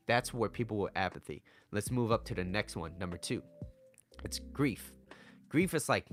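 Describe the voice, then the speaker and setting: Young male coach, low voice, blunt, swears freely, slips into quoted voices, faint music underneath. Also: moderate pace, fairly bright tone. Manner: blunt, profane, acts out what people say in quoted voices. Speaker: dating and relationship coach. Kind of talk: casual coaching talk.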